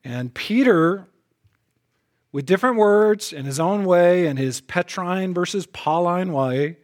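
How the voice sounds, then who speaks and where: Speaking slowly and with animation, a man preaches as a pastor. He's emphatic and frequently repeats words at the opening of a phrase, swinging between loud punches and soft, lowered asides.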